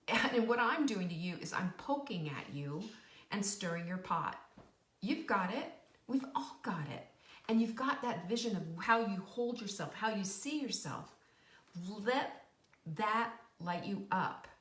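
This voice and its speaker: A middle-aged woman hosting a live stream, giving an emphatic, animated motivational talk and playfully acting out quoted voices. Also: medium pitch. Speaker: host of a live cooking and nutrition show. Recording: roomy echo, voice a bit off-mic.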